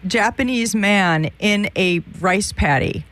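A woman's voice: medium pitch, takes it slowly, fairly bright tone, a little hiss or hum. A woman hosting a live call-in radio show, giving psychic readings in a chatty, meandering way with many restarts.

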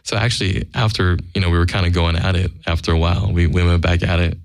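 A man's voice: low-pitched, flat delivery, quick pace, creaky, no echo, clean studio sound. A man telling a casual, profane anecdote in a blunt way, acting out the quoted lines. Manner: blunt, acts out quoted dialogue. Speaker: guest storyteller.

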